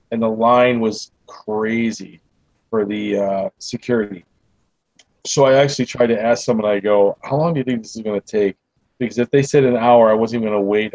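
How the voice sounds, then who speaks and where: A man's voice: on the low side, darkish tone, no room sound, low-quality recording. A man, a podcast host telling a long, rambling story in casual chat. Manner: rambling, restarts, acts out quoted people.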